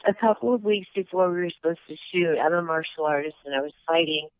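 A woman guest chatting over the phone, relaxed and laughing between stories. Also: deep voice, fast, no room sound. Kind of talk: casual phone interview. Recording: tinny phone line.

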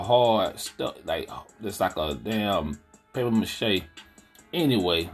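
Soft background music accompanies a podcast host whose deep voice moves unhurriedly through a casual commentary monologue. He speaks African American Vernacular English, bluntly and indignantly, with a recurring "you know what I'm saying."

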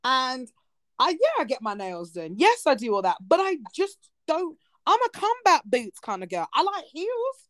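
Animated, expressive woman, high lively voice. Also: no room sound, studio quality. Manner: animated, expressive, quick asides. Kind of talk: casual chat.

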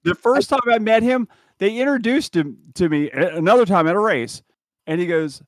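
A man hosting a podcast, telling a lively story in casual chat and laughing as he talks. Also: high voice, a little fast, no room sound, studio quality. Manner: animated storyteller, laughs while talking. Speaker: podcast host.

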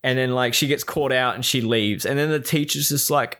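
A man casually recapping a show, swearing often and acting out the characters' lines in quick voices. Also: mid-range voice, very animated, fairly bright tone. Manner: profane, exasperated, acts out quoted lines.

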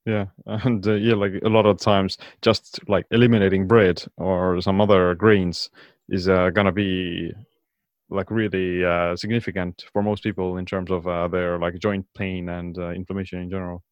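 A man's voice: low-pitched, level tone, normal speed, dry recording, highs cut off. A man hosting an interview, easygoing, with lots of "like" and "uh" as he goes. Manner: easygoing, hedging with "like" and "uh". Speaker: podcast host.

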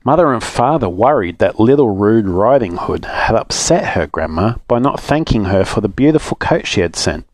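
A man with an Australian accent, reading a children's story aloud as a storytelling dad, with an expressive read-aloud manner. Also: on the low side, normal speed, few pauses, no room sound.

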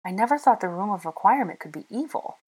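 A woman's voice: medium pitch, lively intonation, quick pace, darkish tone, husky, pitched above the performer's own voice, low-quality recording. A woman reading a frightened teen witch, pleading. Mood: shaken, defiant. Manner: desperate, pleading. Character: frightened, stubborn teenage girl witch.

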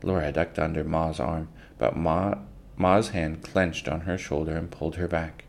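A man reading a children's book aloud in an unhurried way, with occasional slips and restarts. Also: extremely low pitch, steady tone, vocal fry.

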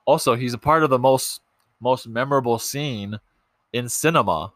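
A man's voice: medium pitch, moderate pace, a bit bright, dry recording. A young man hosting a casual movie podcast, chatty and loose, with lots of ums and restarts. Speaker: podcast host.

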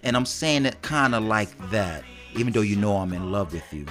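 Man co-host, lowish voice, animated delivery, faint music behind. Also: brisk. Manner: animated, acts out quotes with big pitch jumps. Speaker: podcast co-host. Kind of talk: casual relationship talk.

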